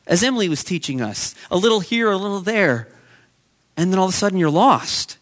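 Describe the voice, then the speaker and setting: Guy pastor w a high voice, earnest sermon storytelling. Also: animated, brisk, a bit bright.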